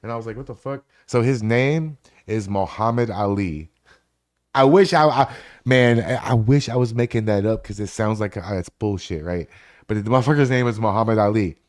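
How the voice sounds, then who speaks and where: This forties-aged live-stream host tells casual stories in a rambling, profane, animated way. He has a lowish voice and talks at normal speed.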